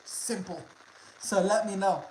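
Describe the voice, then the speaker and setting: A man's voice: high voice, steady tone, a little slow, darkish tone, slight background noise. A young man from the United Kingdom, chatting casually with his livestream viewers, swearing freely and repeating himself. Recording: roomy echo.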